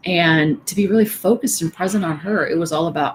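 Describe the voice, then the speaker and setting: A woman's voice: lowish voice, quick pace, few pauses, a little mellow, slight background noise. A middle-aged woman giving a candid, conversational motivational talk at a women's event, with many fillers. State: tearful at times.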